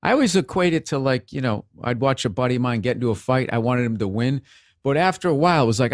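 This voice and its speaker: A man being interviewed, answering in a measured, reasonable, conversational way. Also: mid-range voice, expressive, dry recording, clean studio sound. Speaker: interview guest.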